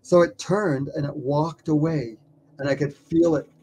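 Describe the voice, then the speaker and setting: A man tells a story as an interview guest, his voice sitting a bit high. He stammers and repeats himself as the story builds. A faint hiss lies under the recording. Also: unhurried. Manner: animated storyteller who stammers and repeats words. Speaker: documentarian and wildlife filmmaker, interview guest.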